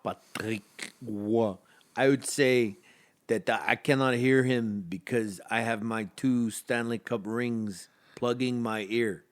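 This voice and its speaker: A man's voice: medium pitch, fairly even intonation, a little slow. Rambling opinionated hockey podcast man. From Canadian prairies. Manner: rambling, opinionated fan talk. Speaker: podcast co-host. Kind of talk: casual hockey chat.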